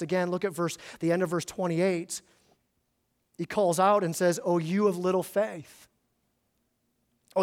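A man preaching a sermon to his congregation in a conversational way, often repeating words for emphasis. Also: high-pitched. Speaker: pastor.

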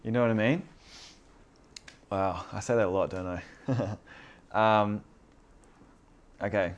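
A man's voice: lowish voice, steady tone, slow pace, lo-fi sound. A man preaching a casual sermon to a small group, earnest and conversational, often repeating himself. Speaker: pastor.

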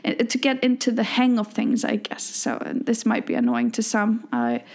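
A woman's voice: fairly high pitch, big pitch swings, normal speed, gravelly, a little mellow. A woman in her thirties from Iceland with an Icelandic accent, hosting a podcast from home in a chatty, self-deprecating monologue full of fillers. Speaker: podcast host.

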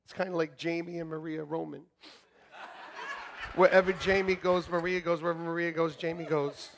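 A male pastor preaching a sermon to his congregation, joking with them and moving between quiet asides and shouted emphasis. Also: a little high, level tone, normal speed, gravelly. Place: church sanctuary.

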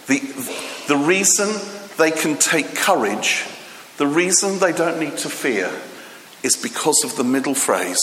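Male preacher, bright and high, playful acted-out storytelling, recorded in a reverberant hall. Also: a little hiss or hum. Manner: humorous storytelling with acted voices; halting restarts. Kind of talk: sermon.

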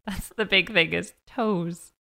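Bright-voiced woman, laughing movie chat. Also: on the low side, slow pace, creaky. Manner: animated, laughing, mimics characters in quotes. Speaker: podcast co-host. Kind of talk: casual movie commentary chat.

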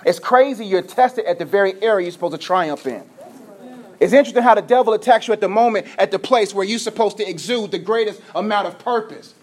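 A pastor preaches an energetic sermon, his high voice moving fast. He drops from loud to hushed and sometimes stutters and trips over his words.

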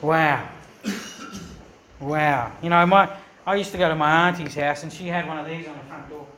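A man's voice: on the high side, moderate pace, pushed and bright, roomy sound, slight background noise. A man preaching a sermon as pastor, earnest and emphatic, often asking the congregation questions. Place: church.

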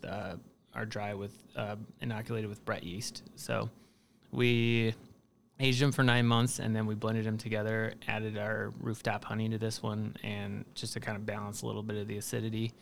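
Low, gravelly man explaining his craft. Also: normal speed, a little hiss or hum. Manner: relaxed, explanatory. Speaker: guest, cidery owner. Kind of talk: casual interview.

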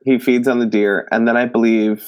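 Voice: medium pitch, little pitch movement, fairly quick, darkish tone, clean tone. Podcast co-host, casual book recap, laid-back, double-checks facts.

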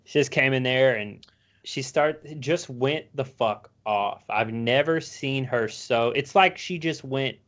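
A man in the middle of a loose podcast chat, profane and animated as he tells stories, his pitch settled in an ordinary middle register. He swears constantly and sounds easygoing. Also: slow. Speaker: podcast co-host. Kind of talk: casual chat.

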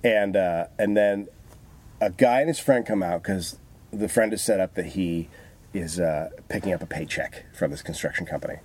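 A man in casual chat, telling profane, animated stories about his past work. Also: sits low, normal speed, slight background noise. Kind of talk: casual storytelling.

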